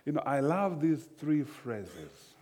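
A man delivers a sermon at an unhurried pace, leaning on repeated phrases for emphasis. His voice sits somewhat high for a man. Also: sing-song, a little mellow, slightly rough. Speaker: preacher.

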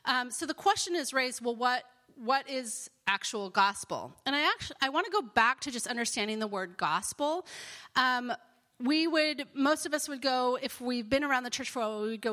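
Woman teaching a bible study, earnest, lots of ums, kinda high bright voice. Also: moderate pace. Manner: earnest and expressive, with fillers.

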